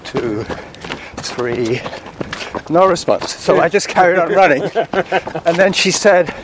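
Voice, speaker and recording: A man's voice: a little high, expressive, slow pace. A man hosting a casual chat outdoors on a mountain trail, telling stories and laughing often. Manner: chatty, laughs often at his own stories. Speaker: podcast host. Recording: outdoor recording with clear background noise.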